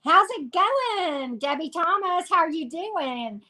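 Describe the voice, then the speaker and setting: Southern woman, live-stream tarot host, high and sharp, upbeat greeter. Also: lively intonation, takes it slowly. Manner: greets viewers by name, upbeat and chatty.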